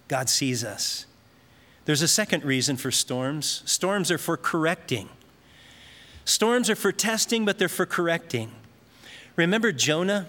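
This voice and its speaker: A man's voice: on the high side, a bit bright. Preaching man in an echoing hall. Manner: storytelling preacher, acts out voices in anecdotes. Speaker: pastor. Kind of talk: sermon. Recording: long hall reverb.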